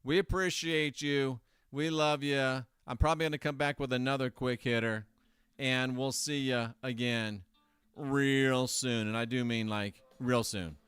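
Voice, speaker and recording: A man's voice: mid-range voice, fairly even intonation, unhurried, fairly bright tone, clean tone, dry recording, studio quality. A man hosting a casual commentary monologue, sarcastic and rambling with self-correcting asides. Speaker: host.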